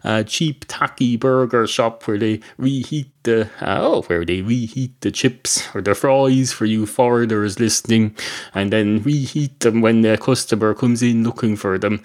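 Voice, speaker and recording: A rambling, indignant talking cat at the bar, put on by a man telling a joke. He speaks in a fairly low register and drifts into sarcasm. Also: measured pace, a little mellow, lightly acted. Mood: sarcastic. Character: chatty male talking cat drinking in a pub.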